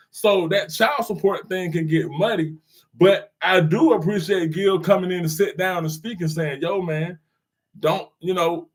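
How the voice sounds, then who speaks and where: High-voiced man chatting with his viewers. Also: fairly bright tone. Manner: laid-back slang, laughs often, addresses chatters. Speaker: streamer reading live chat. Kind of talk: casual live-stream commentary.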